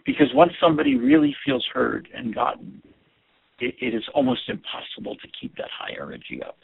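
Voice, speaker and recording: A man with a deeply gravelly, husky voice gives an earnest instructional talk on communication. His pitch swings widely as he stresses points, often repeating words. The sound is thin and tinny, like a phone line. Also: huge pitch swings, fairly quick. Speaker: communication teacher.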